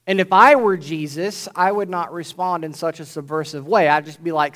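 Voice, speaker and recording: A man's voice: high-pitched, normal speed, hardly any pauses. A male pastor preaching a sermon to his congregation in a conversational way, often checking in with "right?". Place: church before a congregation.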